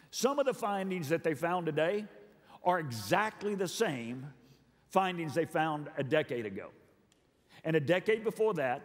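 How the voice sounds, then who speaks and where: Male pastor, middle-aged, fairly high voice, emphatic sermon, church hall, long reverb. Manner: earnest, emphatic, repeats phrases for effect.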